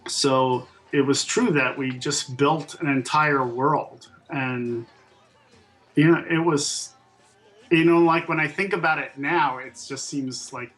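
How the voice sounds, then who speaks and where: A puppet and toy designer in his fifties tells stories in a casual interview, thoughtful and full of ums and restarts. His medium-pitched voice is steady, slow and a bit bright, on a low-quality recording.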